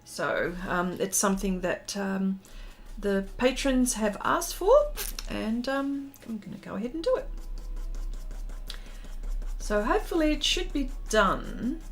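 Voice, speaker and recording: A woman hosting an art livestream, chatting warmly and casually with viewers while she draws, with plenty of ums and heartfelt asides. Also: medium pitch, very animated, slow. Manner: chatty and heartfelt, many ums, reads out chat comments.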